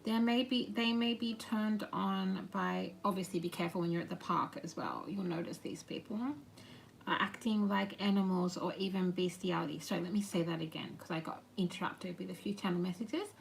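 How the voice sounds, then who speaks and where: A woman speaking channeled messages in a halting, meandering way, with murmured asides. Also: fairly low pitch, steady tone, creaky, slight background noise, poor audio.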